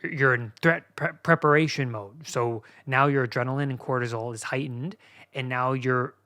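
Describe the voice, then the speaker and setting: A man hosting a solo podcast, talking earnestly straight to his listeners like a coach, shifting from soft near-whispers to emphatic bursts. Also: mid-range voice, fairly even intonation, moderate pace. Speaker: podcast host.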